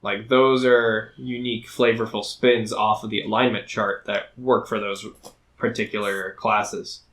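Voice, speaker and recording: A man's voice: on the low side, flat delivery, unhurried, a bit bright. A man co-hosting a podcast in casual chat, rambling with lots of fillers as he tells game stories. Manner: chatty, rambling with many fillers. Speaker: podcast co-host and dungeon master.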